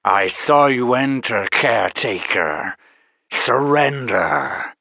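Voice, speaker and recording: A man's voice: medium pitch, big pitch swings, bright, forceful tone, dry recording, exaggerated voice. A man voicing a menacing tentacle-faced dragon with a wet, slithery, many-voiced sound in a storybook reading. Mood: taunting. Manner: slow, gravelly threats.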